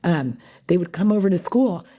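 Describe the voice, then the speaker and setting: Mellow-voiced woman chatting as interview guest. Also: lowish voice, animated. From El Paso, Texas. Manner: chatty, many fillers, quick storytelling. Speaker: guest, magazine editor. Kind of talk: casual interview conversation.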